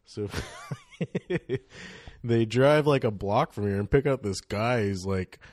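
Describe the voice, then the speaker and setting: A man's voice: medium pitch, slow pace, darkish tone, dry recording, studio quality. A man from northern California, a guest telling laid-back, slangy stories with frequent laughter in a casual chat. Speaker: podcast guest, DJ.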